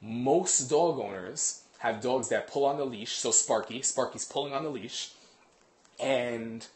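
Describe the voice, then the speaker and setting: A man working as a dog trainer, casually explaining to a live audience in a quick, animated way, full of analogies. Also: mid-range voice.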